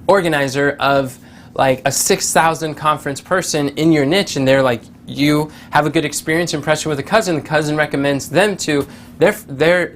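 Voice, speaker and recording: A man giving a casual motivational talk, telling stories with lively quoted voices and many fillers and restarts. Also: on the high side, slight background noise. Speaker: motivational speaker.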